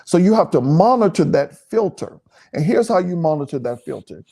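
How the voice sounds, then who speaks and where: Man, preachy, emphatic, animated pitch, warm dark tone. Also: fairly quick, gravelly. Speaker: pastor and co-host. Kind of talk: relaxed teaching chat.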